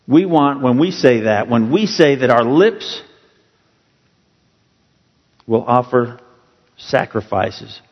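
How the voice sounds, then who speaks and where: Male pastor, earnest storytelling sermon, mid pitch, recorded in an echoing sanctuary. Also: lively intonation, takes it slowly, long pauses, lo-fi sound. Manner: earnest, storytelling, rising emphasis on key words. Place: church sanctuary.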